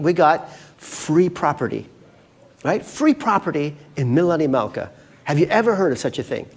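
A male pastor preaching a casual, storytelling sermon, talking to his congregation in a chatty way with many asides. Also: on the high side.

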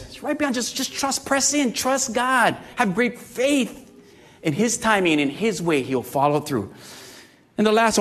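Animated high-voiced man preaching. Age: 50s. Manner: conversational, asks the congregation questions and jokes. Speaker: pastor. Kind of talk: sermon.

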